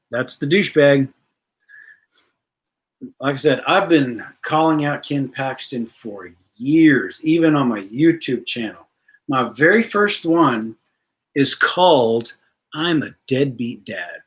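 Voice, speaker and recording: A man's voice: mid-range voice, lively intonation, slow, breathy edge. Blunt, profane man. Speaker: livestream host reading viewer comments. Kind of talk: casual livestream rant.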